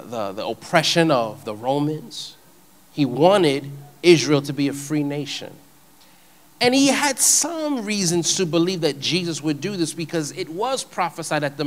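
A man giving an informal, conversational sermon, animated and shifting between soft and loud delivery. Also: fairly high pitch. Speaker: preacher.

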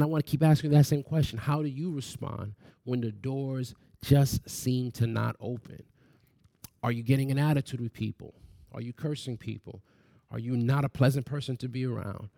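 Gravelly-voiced man preaching a sermon. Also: medium pitch, warm tone, no room sound, clean studio sound. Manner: asks rapid rhetorical questions. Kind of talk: sermon teaching from scripture.

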